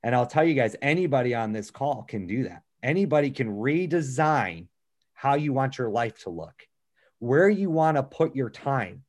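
A middle-aged man giving a motivational talk on a call, earnest and storytelling, often checking in with "okay" and "right?". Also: mid-range voice. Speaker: business speaker on a call.

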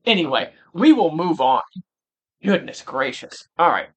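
A man's voice: on the high side, very animated, unhurried, a bit bright. A young man hosting a casual sports podcast who insists on his point again and again. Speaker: podcast host.

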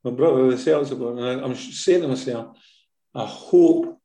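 A man's voice: mid-range voice, quick pace, dark tone, roomy sound. An older man with a Scottish accent, a former footballer telling stories in a casual interview, full of fillers and tag questions.

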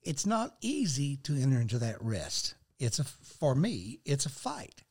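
A man's voice: mid-range voice, a little slow, hardly any pauses, breathy edge. An older man, a guest on a faith talk show, speaking earnestly and quoting scripture as he shares. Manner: earnest, animated, quotes scripture.

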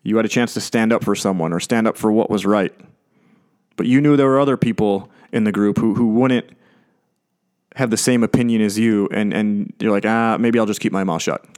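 A man's voice: fairly low pitch, moderate pace, darkish tone, clean tone. A man preaching a sermon in a conversational way, acting out quoted lines and chuckling often. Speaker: pastor.

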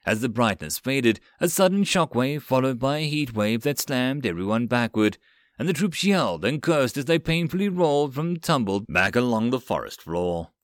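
A man narrating a web novel as an audiobook, with a steady, even reading. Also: mid-range voice, moderate pace, no room sound, studio quality.

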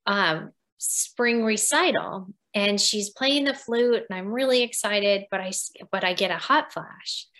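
A woman in her fifties, a podcast guest telling her story in a lively interview, laughing often and acting out quoted dialogue. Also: medium pitch, measured pace, few pauses. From United States. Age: 50s.

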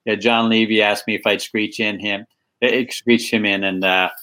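A man talking as an interview guest, unhurried, often repeating words as he starts a sentence. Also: fairly low pitch, flat delivery, pushed and bright, rough recording. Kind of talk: casual interview chat.

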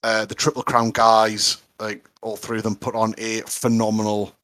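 A man's voice: fairly low pitch, completely flat delivery, normal speed, a bit bright, dry recording. Man, podcast co-host, chatty, enthusiastic, dry sound. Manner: chatty, enthusiastic, lots of fillers. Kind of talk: casual chat.

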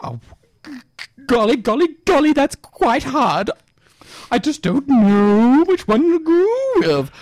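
A man's voice: extremely high pitch, sing-song, takes it slowly, darkish tone, no echo, clean studio sound, voice pushed up, full character voice. A man doing a giddy, squealing quiz contestant. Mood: flustered. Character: giddy male quiz contestant Harry, excitable.

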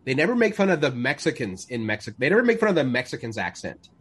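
A man's voice: mid-range voice, very animated, quick pace, fairly bright tone, slightly rough. A man co-hosting a podcast in casual chat, a jokey storyteller who acts out movie lines. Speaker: podcast co-host.

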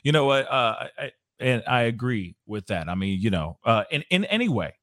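A man's voice: medium pitch, big pitch swings, moderate pace, a bit bright, no echo, studio quality. A man hosting a casual interview show, laid-back and slangy, joking as he corrects himself. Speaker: podcast host. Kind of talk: casual chat.

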